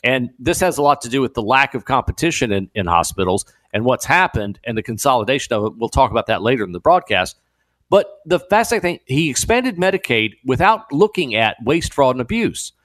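A man guest-hosting a talk radio show, talking in an animated, incredulous way with laughing asides. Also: medium pitch, fairly quick. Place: radio studio.

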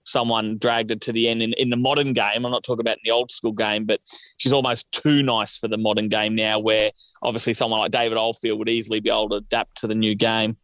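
A man's voice: lowish voice, flat delivery, fast talker, a bit bright, no echo. Male co-host, older of the pair, easygoing rambling chat, dry mic. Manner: rambling, hedging with lots of "you know". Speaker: podcast co-host. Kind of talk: casual chat.

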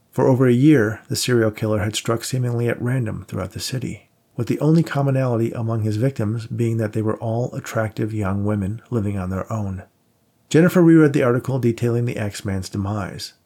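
A man narrating a novel aloud in a steady, measured reading, with small shifts in his voice for the characters. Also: fairly low pitch, vocal fry, slightly rough. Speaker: audiobook narrator. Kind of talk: scripted narration.

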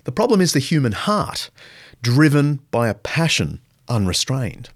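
Animated male podcast host, dry sound. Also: medium pitch, unhurried, dry recording. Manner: animated, conversational. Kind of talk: answering listener questions.

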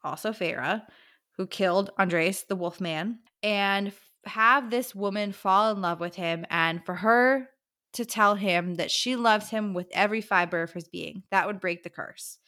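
A woman's voice: mid-range voice, bright, forceful tone. Chatty woman recapping a fantasy novel. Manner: chatty recap, slipping into quick voices for characters. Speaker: podcast co-host. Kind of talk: casual book chat, recapping the plot.

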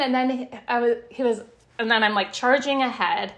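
A middle-aged woman who writes about happiness, talking as an interview guest. She is animated, tells stories with bits of laughter, and says "like" a lot. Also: on the high side, moderate pace. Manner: animated, laughs while telling stories, lots of "like". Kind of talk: conversational interview.

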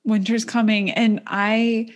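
A woman's voice: on the high side, little pitch movement, takes it slowly, dull audio. Woman chatting with a laugh. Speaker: guest. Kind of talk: casual chat.

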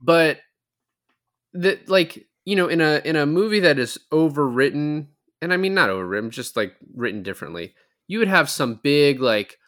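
A man's voice: on the high side, animated, moderate pace, fairly bright tone. A man co-hosting a casual movie podcast, retelling scenes and acting out the lines, swearing casually. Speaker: podcast co-host. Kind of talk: casual movie review chat.

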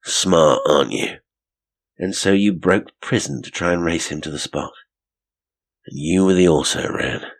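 A man reading a story voices a gruff male thief who growls and sneers, in a low husky voice. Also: lively intonation, normal speed, heavily acted. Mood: sullen.

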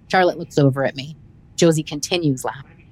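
A woman, a comedian hosting her podcast, narrating a travel story in a wry, expressive way. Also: sits low, a little fast, breathy edge. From United States.

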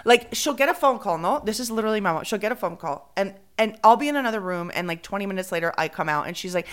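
Woman co-host, rambling casual chatter with Spanish fillers, smooth clear voice. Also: mid-range voice, animated, fast, few pauses. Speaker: podcast co-host. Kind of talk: casual chat.

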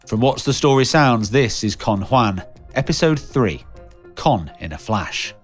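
A man hosting and narrating a podcast in a measured, scene-setting way. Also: mid-range voice, very animated, faint music behind. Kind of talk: scripted narration.

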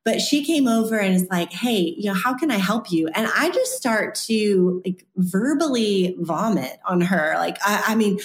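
A woman guest author telling a personal story in an animated, chatty way during an interview. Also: medium pitch, normal speed, few pauses. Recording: roomy echo.

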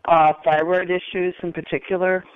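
A man's voice: sits high, level tone, clear, resonant tone, no room sound. Hesitant male caller on tinny phone line. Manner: hesitant, halting. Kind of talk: phone call-in.

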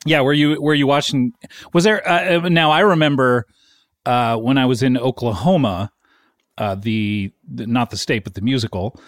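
A man co-hosting a comedy podcast, trading deadpan jokes and mock interview questions at a middling pitch. The sound is dry and close, with no room around it. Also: normal speed, dry recording. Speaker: podcast co-host. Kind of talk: casual comedic chat.

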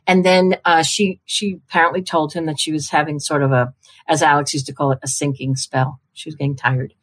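An older woman who works as a publishing marketing executive tells stories in a relaxed conversation, speaking in a low, fairly even voice at a slightly fast clip. She's chatty and acts out the voices of the people she quotes.

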